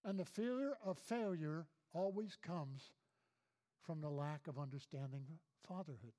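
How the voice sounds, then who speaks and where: A male pastor preaching a sermon in a noticeably high voice. He drives points home by repeating phrases and weaves in personal stories. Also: unhurried, warm tone. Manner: emphatic preaching with repeated phrases and storytelling asides.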